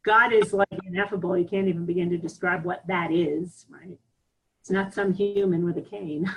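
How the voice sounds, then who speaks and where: A woman giving a candid, animated spiritual talk on a live group call, laughing often. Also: lowish voice, moderate pace, slightly rough, poor audio. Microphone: online group call.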